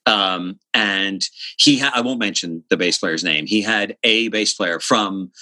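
A man's voice: on the low side, measured pace, dry recording, rough recording. A middle-aged man casually telling stories as a guest musician, acting out quotes and drum sounds and swearing freely. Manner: animated storyteller, mimics drum sounds and acts out quotes; swears casually, many fillers. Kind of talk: casual storytelling chat.

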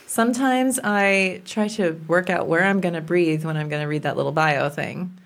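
A woman hosting a relaxed interview, with a low voice and plenty of vocal fry. She listens closely and keeps up a flow of soft agreeing sounds. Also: moderate pace. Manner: engaged listener, frequent mm-hmms. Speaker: podcast host. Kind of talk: casual interview.

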